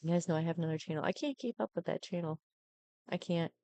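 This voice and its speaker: A woman's voice: lowish voice, fast, creaky, mellow, no echo. Chatty woman hosting a casual live stream. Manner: rambling, chatty, with many fillers.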